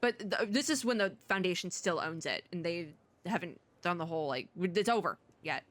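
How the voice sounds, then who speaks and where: A woman's voice: fairly low pitch, expressive, fairly quick, a bit bright. A woman hosting a casual let's play, chatting and rambling as she reads the game text aloud. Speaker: VTuber let's-play host. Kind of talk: casual gameplay commentary.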